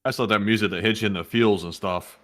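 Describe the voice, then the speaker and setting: A man's voice: on the low side, steady tone, fast talker, fairly bright tone. A man co-hosting a casual show, making brief joking remarks. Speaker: co-host. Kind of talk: casual chat.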